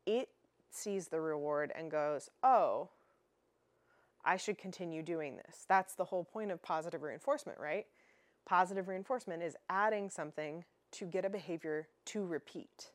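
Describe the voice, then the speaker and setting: A woman's voice: fairly low pitch, moderate pace, no room sound. A young woman hosting a dog training podcast, explaining in a casual, chatty way with fillers and restarts.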